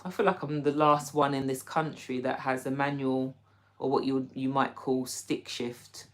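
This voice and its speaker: A woman's voice: rumbling low, steady tone, normal speed. A woman hosting a casual livestream, reading viewer comments aloud and chatting back playfully, with easy laughter. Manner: laughs easily, playful teasing. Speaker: livestream host. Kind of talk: casual live-stream chat.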